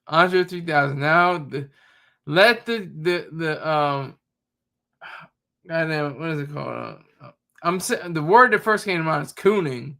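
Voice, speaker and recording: Gravelly, bright-voiced man rambling casually. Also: fairly high pitch, measured pace. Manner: rambling, searching for words, sarcastic. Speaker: commentary streamer. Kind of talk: casual reaction commentary.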